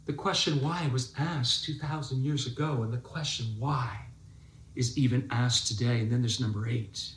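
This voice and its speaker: A man's voice: medium pitch, steady tone, normal speed, roomy sound. A man preaching a sermon as pastor, emphatic and drawn out, repeating words for stress.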